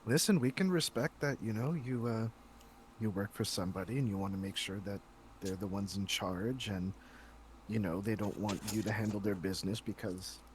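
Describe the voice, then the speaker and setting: A man's voice: on the low side, slight background noise. A man playing in a tabletop game, placating and rambling. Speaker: player. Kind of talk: casual tabletop play.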